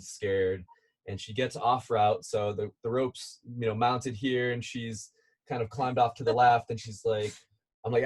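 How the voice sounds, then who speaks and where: Laid-back man telling a story. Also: medium pitch. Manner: animated, laughing as he tells a climbing story. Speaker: guest. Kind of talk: casual storytelling.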